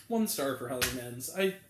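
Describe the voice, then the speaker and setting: A man's voice: mid-range voice, echoey room, noisy background. A man giving a casual, exasperated spoken film review, rambling with lots of fillers. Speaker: movie reviewer.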